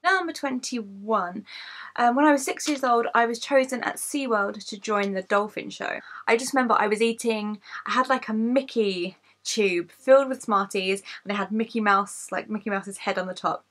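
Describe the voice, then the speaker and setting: A woman's voice: on the high side, normal speed, fairly bright tone. Chatty English woman swearing freely. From England, Kent. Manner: chatty and candid, swears freely, laughs at herself. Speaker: YouTuber. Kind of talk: casual chat to camera, listing facts about herself.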